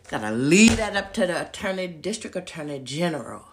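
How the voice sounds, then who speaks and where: A woman's voice: on the low side, sing-song, a little fast, background noise. A woman putting on a condescending judge who talks down to her with a patronizing drawl.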